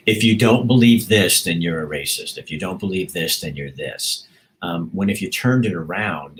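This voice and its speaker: A man's voice: low voice, fairly bright tone. A man hosting a livestream, chatting casually and reading out viewer comments, often rambling and breaking off mid-sentence with laughs. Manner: rambling and self-interrupting, with laughs. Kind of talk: casual chat.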